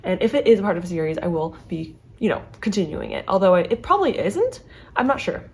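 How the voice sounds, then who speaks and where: A young woman book vlogger talks straight to her camera in a fast, chatty way. Her voice sits a little low for a woman, and she fills her talk with fillers and quick restarts. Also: very animated, creaky. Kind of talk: casual chat to camera.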